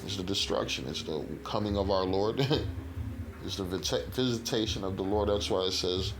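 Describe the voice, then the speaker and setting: A man teaching scripture in a rough, profane street style, reading verses and asking "right?" again and again. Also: low voice, moderate pace, music in the background. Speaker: street preacher.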